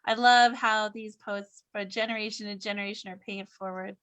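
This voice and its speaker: A woman's voice: mid-range voice, fairly even intonation, a little fast, a bit bright, smooth. A woman hosting an online poetry event on a video call, upbeat, encouraging and casual. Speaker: event host.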